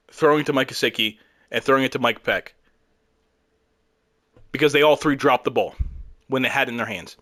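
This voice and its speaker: A young man commentating his own football video game, frustrated and exasperated, breaking into loud outbursts. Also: mid-range voice. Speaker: gaming YouTuber. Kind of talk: live gameplay commentary.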